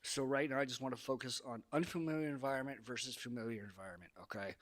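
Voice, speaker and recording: A man lectures his viewers on dating in a casual vlog monologue. He is emphatic and preachy, circling back over his points, in a voice of ordinary middle pitch. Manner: emphatic, repeats phrases, preachy. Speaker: dating advice vlogger.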